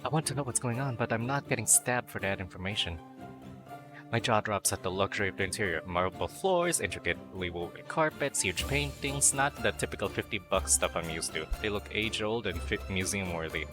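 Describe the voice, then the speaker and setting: A man's voice: lowish voice, expressive, brisk, over music. A man streaming a dating sim, reading the story aloud and breaking in with playful, crude jokes and silly noises. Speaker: VTuber game streamer.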